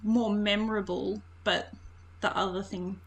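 A woman's voice: medium pitch, flat delivery, measured pace. A woman co-hosting a film podcast, chatting casually, often laughing and hesitating. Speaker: podcast co-host.

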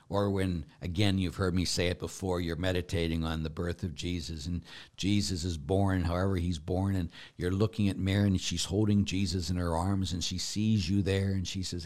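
A priest with a fairly low male voice talks through viewer questions in a relaxed, conversational way. He reads each question aloud, then answers in plain words and walks the listener through an imagined scene one step at a time. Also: moderate pace. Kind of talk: casual spiritual Q&A, reading questions aloud.

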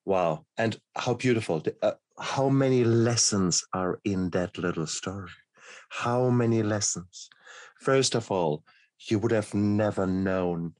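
A man's voice: low voice, a little mellow, no echo. A male interview host who reacts with short remarks and reflective questions. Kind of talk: interview conversation.

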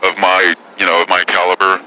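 A brash, foul-mouthed celebrity woman caller, put on by a man who rambles, curses and picks fights. The voice sits low, with a sharp, tense edge on every line. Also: monotone, fairly quick, a little hiss or hum, poor audio. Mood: combative. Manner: profane, combative, rambling. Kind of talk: prank call impression.

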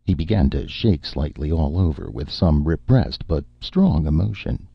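A man narrates a story in a measured, storytelling manner. His voice is extremely deep and gravelly, with lively swings in pitch. The recording is dry, muffled and lo-fi. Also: no echo. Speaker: audiobook reader. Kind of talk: scripted narration.

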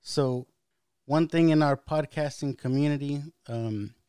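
A man's voice: a little high, unhurried, dark tone, smooth, no echo, clean studio sound. A man hosting a podcast interview, easygoing and casual, with frequent hesitant ums between his questions. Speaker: podcast host.

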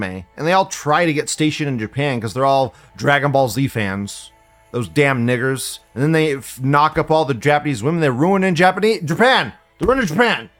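A man rants on a live stream in a fairly high voice, profane and sardonic, and he laughs often. Faint music plays behind him. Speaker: live-stream host reading viewer comments. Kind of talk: casual live-stream rant.

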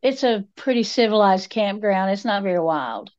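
A woman chatting casually as a podcast co-host, relaxed and folksy, laughing easily. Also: mid-range voice, moderate pace. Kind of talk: casual chat. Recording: dull lo-fi sound.

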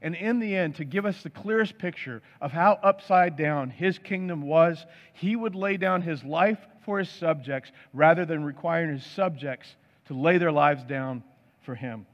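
A man's voice: fairly high pitch, moderate pace. A male pastor preaching a sermon, emphatic and stacking up lists of words. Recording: dull sound with long hall reverb.

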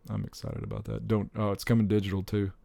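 Excitable young man with a gravelly voice. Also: on the low side, fast talker, dry recording. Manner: excitable, rambling, with frequent exclamations. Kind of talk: casual chat about upcoming movies.

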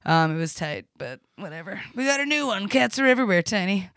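A woman's voice: medium pitch, lively intonation, brisk, a bit bright, no echo. A woman rambling through a personal story on a podcast, full of fillers and casual swearing. Her voice sits in an ordinary middle register. The studio sound is very dry and close. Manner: rambling, profane, lots of fillers. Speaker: podcast guest.

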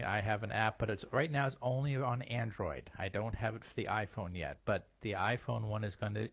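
A man's voice: fairly low pitch, fairly bright tone, dry recording. A man co-hosting a psychic call-in radio show, bantering playfully. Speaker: psychic medium and radio co-host. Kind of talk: casual talk radio chat. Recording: dry, lo-fi line.

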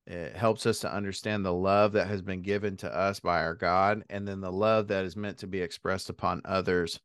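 A man with a smooth, resonant voice that sits on the low side, co-hosting a casual Bible discussion. He speaks in a thoughtful, measured way and chuckles lightly now and then. The sound is dry and close, with no room around it. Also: a bit bright, no echo. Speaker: podcast co-host.

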